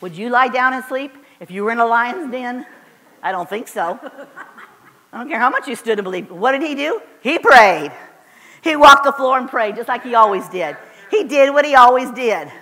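A woman preacher delivers a fervent, emphatic sermon, hammering her points with brief repeated declarations. Her voice sits on the high side, a bit bright and animated at a moderate pace, with a long reverb tail from the church sanctuary.

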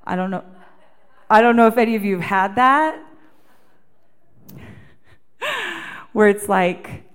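A woman from Canada, a guest singer, telling her faith story in an earnest, animated way, repeating herself for emphasis. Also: on the high side, slow pace, long pauses. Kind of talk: faith testimony in conversation.

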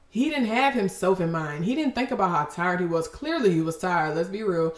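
A woman's voice: on the low side, lively intonation, brisk, few pauses, echoey room. A woman hosting a podcast and giving an emotional devotional talk, fervent and preachy, breaking off with exclamations.

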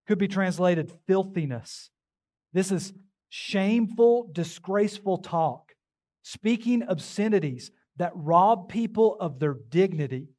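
A man's voice: high voice, a little mellow. A man preaching a sermon as pastor, emphatic and calling out to the congregation.

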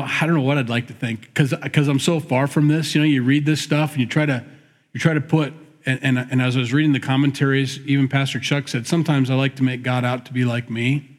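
Musing middle-aged male pastor. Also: medium pitch. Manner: reflective, musing, reads scripture aloud then comments. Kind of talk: conversational sermon.

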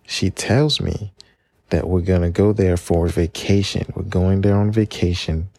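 Deep, gravelly man telling a podcast story. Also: normal speed, a little mellow. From Maryland, United States. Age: 20s. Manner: chatty, rambling, with self-corrections and laughs. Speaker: podcast host. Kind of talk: casual solo podcast storytelling.

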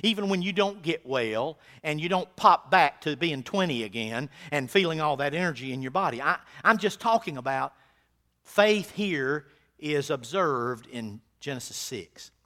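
Male pastor, high bright voice, folksy fervent sermon in a church sanctuary, big swings between hush and loud. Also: animated, moderate pace. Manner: swings from hushed to loud, preaching with fervor; folksy phrasing.

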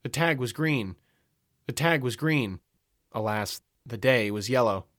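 A man narrating a comic first-person story in a wry, dry, deadpan manner. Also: mid-range voice, measured pace, no echo.

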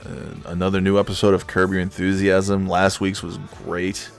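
A man's voice: deep voice, completely flat delivery, moderate pace, faint music behind. A man hosting a solo podcast, rambling in a loose, profane, digressive way. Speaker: podcast host.

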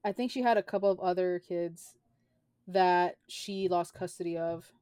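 A woman's voice: lowish voice, normal speed, dark tone, smooth, no room sound, clean studio sound. A young woman co-hosting a podcast, talking in a rambling way with many filler words. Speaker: podcast co-host. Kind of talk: casual chat.

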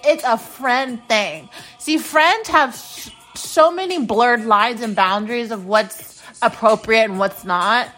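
Bright-voiced young woman ranting bluntly. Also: a little high, rough recording. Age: late 20s. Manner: blunt, profane, heated ranting. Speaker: podcast host. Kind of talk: confessional podcast storytelling.

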